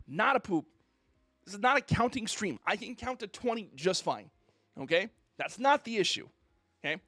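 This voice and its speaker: A man's voice: sits high, animated, normal speed, fairly bright tone, soft background music. A man streamer ranting on a casual livestream, mock-indignant and theatrical, who keeps asking "okay?".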